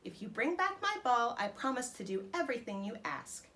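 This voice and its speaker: A woman voicing a spoiled, vain young princess who wails in a high, loud storybook voice. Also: sing-song, normal speed. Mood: scheming.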